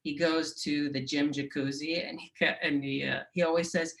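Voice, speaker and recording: Woman, thirties, stand-up comic with a wry, deadpan delivery and a lowish voice. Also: normal speed, creaky, hardly any pauses, poor audio. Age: 30s. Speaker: stand-up comedian. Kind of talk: stand-up comedy set.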